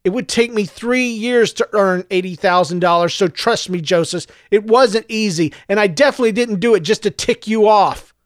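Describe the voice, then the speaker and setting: A man's voice: sits high, moderate pace, dry recording, clean studio sound, pitched above the performer's own voice, natural voice. A man voicing a stern, tired middle-aged mother who scolds her son in firm, clipped lines while reading an audiobook. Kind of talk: audiobook character voice.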